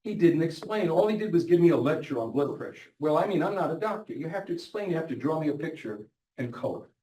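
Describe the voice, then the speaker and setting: An older physician, telling anecdotes about patients and quoting them in lively voices. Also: male voice, fairly high pitch, fast. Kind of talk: storytelling talk. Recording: echoey room, from a distance.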